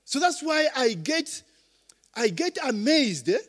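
A man preaching a sermon, quizzing listeners with call-and-response questions and swinging between loud and soft. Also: very high voice, sing-song, takes it slowly. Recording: long reverb of a hall.

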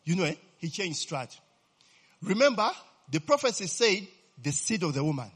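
Man, preacher, sermon, fairly high voice, husky, keeps asking "eh?", chuckles between points. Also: sing-song, moderate pace, fairly bright tone. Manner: tags sentences with a questioning "eh?"; chuckles often mid-sentence. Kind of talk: lively sermon with audience call-and-response.

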